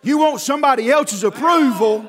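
Man, preacher, sermon, very high pitch, shouting, "uh, uh" fillers. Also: normal speed. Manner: fervent, often shouting, with constant "uh, uh" between phrases.

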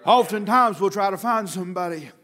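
Man, preacher, sermon, very high pitch, shouting, "uh, uh" fillers. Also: fairly quick. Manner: fervent, often shouting, with constant "uh, uh" between phrases.

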